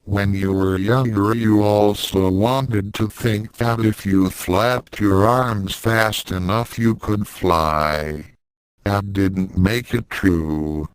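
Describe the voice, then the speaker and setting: A man's voice: lowish voice, fairly even intonation, takes it slowly, smooth, no room sound, low-quality recording. A man reading fan fiction aloud and voicing a sarcastic, mind-reading invisible cat with a dry, mocking manner.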